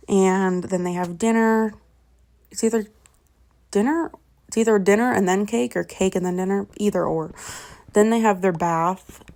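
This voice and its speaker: A young Canadian woman, a vlogger, retells a book in a loose, rambling way, swearing freely and often correcting herself. Her voice is fairly low, creaky and mellow.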